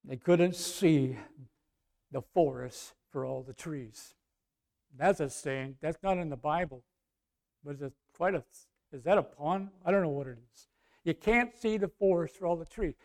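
With a gravelly voice on the high side and a measured pace, a man preaches a conversational sermon. He puts questions to the congregation and swings between quiet asides and loud emphasis.

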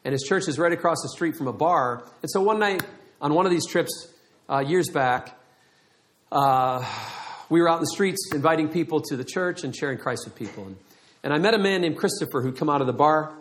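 Middle-aged male pastor, animated storyteller, somewhat high voice. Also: fairly quick. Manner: animated storytelling with acted-out quotes. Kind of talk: sermon.

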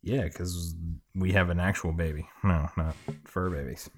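A tipsy man co-hosting a casual podcast chat, scattered and halting, swearing freely as he tries to work through a list. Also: deep voice, steady tone. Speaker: podcast co-host.

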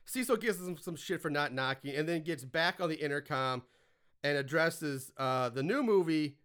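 A man's voice: a little high, expressive, moderate pace, a bit bright, clear, resonant tone. A man hosting a podcast, casually recapping a movie in a laid-back, crude and laughing way. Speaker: podcast host.

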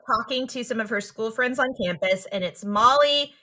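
A woman's voice: fairly high pitch, normal speed, pushed and bright. A woman co-hosting a casual podcast chat, animatedly retelling scenes and acting out lines. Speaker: podcast co-host.

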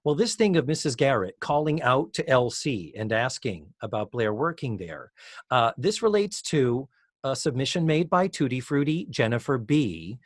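A man's voice: mid-range voice, moderate pace, no room sound, studio quality. A man co-hosting a podcast, recapping an episode in casual chat and acting out the lines he quotes. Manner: animated, acts out quotes in raised voices. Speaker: podcast co-host.

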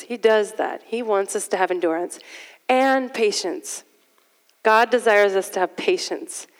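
Middle-aged woman preacher, smooth resonant voice, chatty sermon delivery, long hall reverb. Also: mid-range voice. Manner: conversational, self-deprecating asides.

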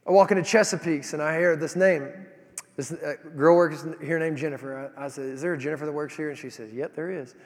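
A man preaching a sermon, telling stories in an animated way that swings from loud to hushed. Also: on the high side, a little fast, big-room sound.

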